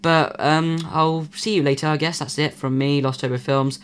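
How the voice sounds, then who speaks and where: The YouTube host's voice is going as he gives a rambling, filler-heavy vlog announcement. He talks at normal speed in a fairly high, steady pitch, and the tone comes across clear and resonant.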